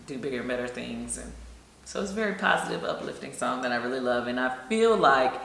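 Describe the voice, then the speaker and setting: A middle-aged singer and vlogger from Atlanta, Georgia speaks fast in a rumbling low, fairly bright voice with vocal fry and animated delivery. She chats casually behind the scenes about a singing show, saying "you know" a lot, in an echoey room with faint music behind her.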